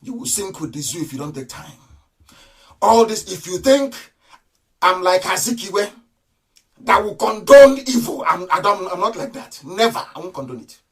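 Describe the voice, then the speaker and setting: A man with a Nigerian accent giving a live political broadcast, defiant and accusing, repeating his phrases and breaking into shouts. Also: high voice, sing-song, normal speed, husky. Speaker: broadcaster of a live online transmission. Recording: voice a bit distant from the mic.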